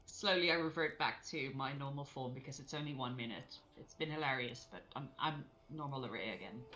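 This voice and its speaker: A woman's voice: very deep voice, brisk, pushed and bright, a little hiss or hum, poor audio. A woman playing a tabletop role-playing game, talking casually and thinking aloud with frequent laughs. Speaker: player.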